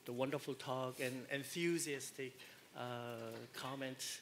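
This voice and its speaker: A man moderating a conference panel speaks slowly and hesitantly. His words are broken up by filler sounds as he closes the session. Some faint background noise sits under his voice. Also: medium pitch, fairly even intonation, fairly bright tone.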